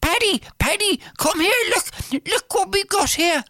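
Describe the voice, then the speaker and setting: A woman's voice: very slow, gravelly, no room sound, clean studio sound, full character voice. A woman voicing a wistful old cottage mother who longs for a child, in a sighing, pleading way. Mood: astonished. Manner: sighing, pleading, high and excitable.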